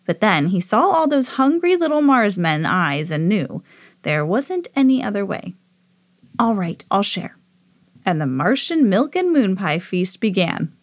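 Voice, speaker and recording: A woman's voice: medium pitch, very animated, normal speed, no echo. A woman hosting a read-aloud podcast, reading a children's storybook expressively.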